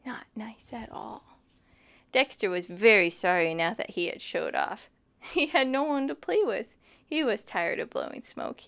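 A woman reading a children's picture book aloud, expressive and adding sympathetic asides. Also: medium pitch, vocal fry, clear, resonant tone. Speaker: storytime reader.

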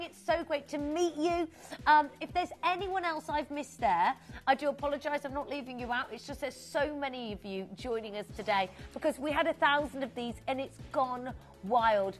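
A woman hosts live television shopping in a bubbly, chatty manner, reading out viewers' names between sales patter. Her voice sits high, and faint music plays under her in the studio. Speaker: shopping channel presenter.

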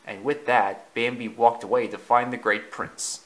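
A man narrating a storybook slowly and deliberately, with small slips in the reading. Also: mid-range voice, steady tone, fairly bright tone, low-quality recording.

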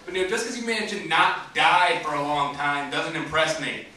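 A young man with a light Southern twang rambles through a stand-up set, brash and loaded with fillers. His voice runs bright and a little high. It comes from a distance and booms around an echoey club with faint noise behind. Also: moderate pace. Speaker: stand-up comedian. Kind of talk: open-mic stand-up. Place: comedy club stage. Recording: echoey club heard from afar.

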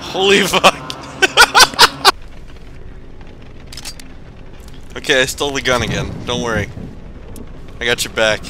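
A man's voice: mid-range voice, steady tone, a little fast, pauses often, very noisy. A man hosting a let's play, giving dry, sarcastic, swear-filled commentary on a horror game into a gaming mic. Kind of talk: casual gameplay commentary.

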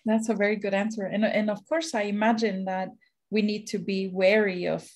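A woman moderating a panel discussion, asking long questions in a careful, measured way over a video call. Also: mid-range voice, level tone, a little mellow.

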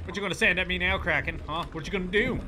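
A man commenting on his own horror game playthrough, excitable, yelling and cursing at enemies, with game music behind him. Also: sits high, rapid-fire, background noise. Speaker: gaming channel host. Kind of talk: let's play commentary.

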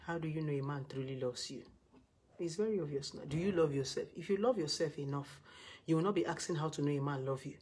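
A woman's voice: deep voice, fast talker, a little mellow, a little hiss or hum. A woman with a Nigerian accent giving blunt, scolding relationship advice in a live video session.

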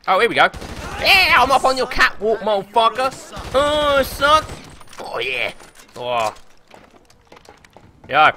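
Excitable, bright-voiced young male streamer. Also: mid-range voice, slight background noise. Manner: excitable, swearing, laughing often. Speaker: gaming streamer. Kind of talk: live gameplay commentary.

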